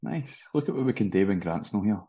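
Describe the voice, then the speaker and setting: Low Scottish man on a muffled mic. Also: fast, husky. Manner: relaxed, agreeable, short replies. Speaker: podcast co-host. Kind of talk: casual chat.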